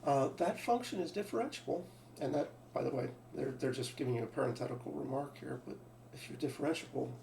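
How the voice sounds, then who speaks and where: Gravelly-voiced man lecturing in a roomy space. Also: mid-range voice, fast, hardly any pauses, darkish tone. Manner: thinking aloud, restarts, asks rhetorical questions. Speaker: math teacher. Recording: roomy sound from a distant mic, faint background hum.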